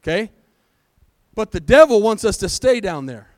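A man with a high voice preaches a lively sermon, throwing rhetorical questions at his congregation and waiting for them to answer. His delivery is animated and conversational, swinging between loud pushes and quiet asides. The sound is dry and close. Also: moderate pace, no echo. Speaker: pastor. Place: church.

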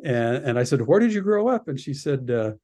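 A man from Canada, a radio producer and podcast guest, telling an animated story and acting out the voices of the people in it. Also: mid-range voice, brisk. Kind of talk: animated anecdote in a podcast interview.

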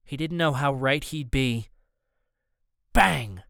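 A man narrating a tense first-person audiobook in a steady storytelling manner. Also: a little high, a little slow, clean tone, no echo, clean studio sound.

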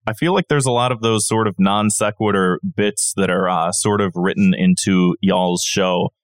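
A man's voice: deep voice, fairly even intonation, moderate pace, dry recording. A man co-hosting a podcast in casual chat, with wry, dry humor. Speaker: podcast host.

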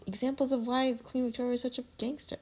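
A woman co-hosting a casual history podcast with a gravelly, husky voice, teasing and laughing often. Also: a little high, level tone, fast talker, darkish tone, dull audio. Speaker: podcast co-host.

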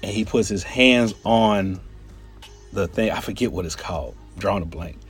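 A man telling a personal story in an animated, conversational way, often turning to his listeners with "right?" and "y'all". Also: on the low side, moderate pace, faint music behind.

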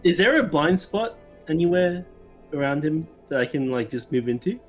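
A man's voice: a little high, lively intonation, moderate pace, faint music behind. A man player talking casually and asking questions during a tabletop game.

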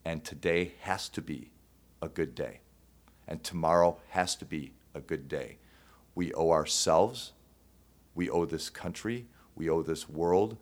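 A man hosting his own show, speaking to listeners in an earnest, emotional monologue with pauses and restarts. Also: sits low. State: choked up at times. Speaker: podcast host. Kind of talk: heartfelt monologue.

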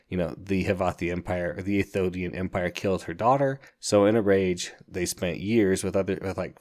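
A man with a deep, low voice talks through a fantasy book on his podcast. He rambles casually, with many "like" and "you know" fillers. He sounds earnest and openly fond of the story. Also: darkish tone. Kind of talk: casual spoken book review.

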